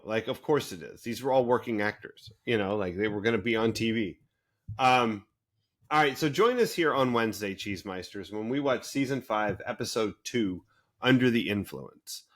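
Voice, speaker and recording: A man co-hosting a podcast, talking in a casual, animated way with many fillers. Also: medium pitch. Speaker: podcast co-host. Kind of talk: casual chat.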